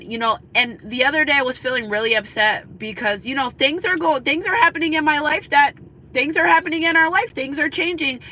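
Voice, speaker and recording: A woman with a high-pitched, pushed, bright voice gives a spiritual tarot reading from a car, captured on poor audio. Chatty and confiding, the tarot reader keeps checking in with her listeners and repeats "you know what I'm saying."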